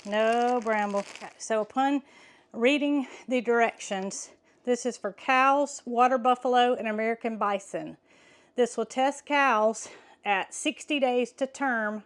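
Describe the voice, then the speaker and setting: A woman in middle age talks to her viewers as she walks outdoors with a cow, excited and slightly winded. Her voice sits fairly high, and the sound is close and dry. She rambles casually and eagerly. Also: measured pace, no room sound. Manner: chatty and excitable, talking to viewers. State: slightly out of breath. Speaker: farm vlogger. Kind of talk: casual vlog narration. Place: outdoors in a pasture.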